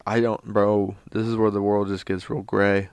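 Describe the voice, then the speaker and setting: A young man with a lowish, gravelly voice tosses out goofy, slangy ideas on a casual podcast and keeps calling his friend bro. He sounds a bit tipsy, and the sound is dry and close-miked. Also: level tone, normal speed, a little mellow, no room sound. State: intoxicated. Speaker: podcast co-host. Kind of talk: casual chat.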